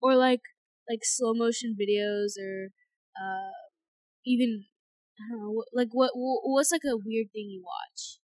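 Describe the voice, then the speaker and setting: A woman's voice: fairly high pitch, steady tone, unhurried, darkish tone, dry recording. A teenage girl co-hosting a casual podcast chat, rambling with lots of fillers and giggles. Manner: chatty, filler-heavy, giggly. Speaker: podcast co-host.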